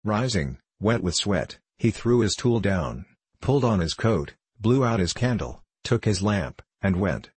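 A man narrating an audiobook novel in a measured, even reading. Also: fairly low pitch, husky, no room sound. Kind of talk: scripted narration.

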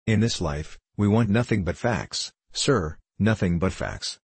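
A man's voice: lowish voice, lively intonation, a little slow, breathy edge, no echo, exaggerated voice. A man reading the lines of a stern, dictatorial middle-aged man obsessed with facts, in an inflexible, dry and emphatic delivery. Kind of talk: audiobook character reading.

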